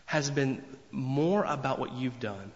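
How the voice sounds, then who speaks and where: A man's voice: medium pitch, slow. A man preaching a sermon in an earnest, emphatic way, repeating phrases for weight. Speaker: pastor. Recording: long reverb, dull lo-fi sound.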